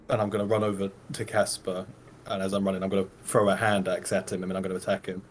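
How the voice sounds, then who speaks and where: A man's voice: deep voice, level tone, quick pace, slight background noise. A man playing a tabletop role-playing game, eagerly describing his attacks with chuckles. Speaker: player.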